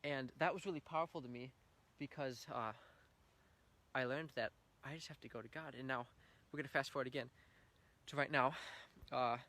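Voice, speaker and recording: A man's voice: medium pitch, moderate pace, sharp tone. A young man giving an earnest, heartfelt personal faith testimony at church, telling his story with swells of feeling.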